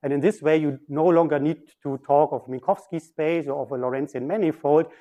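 A man's voice: a little high, fairly even intonation, brisk, dark tone, muffled recording. A man giving a mathematical physics lecture, explaining step by step at a board.

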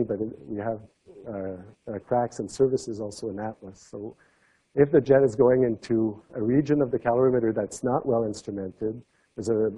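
A man giving an academic seminar talk, explaining step by step and letting his voice drop softly at the ends of phrases. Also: medium pitch, slightly rough, rough recording. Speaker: lecturer.

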